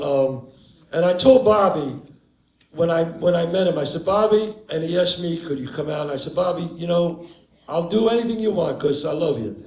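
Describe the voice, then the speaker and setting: An older man from the Bronx, with a New York accent and a voice a little high for a man, is a guest actor telling a story on a theater stage. He's an animated raconteur who acts out the people in his tale for the live audience. The sound is roomy, with the crowd audible in the venue.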